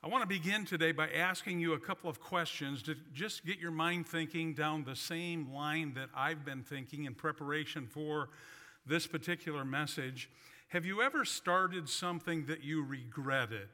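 A male pastor with a fairly high, very bright and cutting voice delivers a sermon built around a personal story. He tells it with folksy, self-deprecating humor. His words ring out with a long reverb from a church sanctuary. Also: moderate pace. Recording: long reverb of a large hall.

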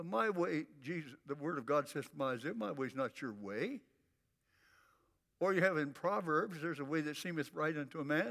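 An older man preaching a sermon in a folksy, emphatic way, drawing out repeated phrases slowly. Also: a little high, fairly bright tone, in a large hall. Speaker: pastor.

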